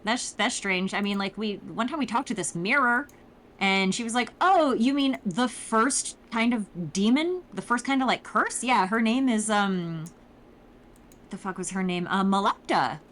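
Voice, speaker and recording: A woman voicing a blunt, sarcastic young woman adventurer who speaks in a crude, deadpan way, quoted casually in a game recap. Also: medium pitch, unhurried.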